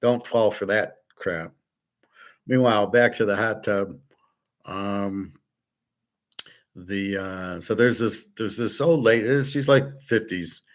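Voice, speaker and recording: Rambling low-voiced man telling a story. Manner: rambling storyteller, restarts, acts out quoted voices. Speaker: host. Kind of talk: casual monologue.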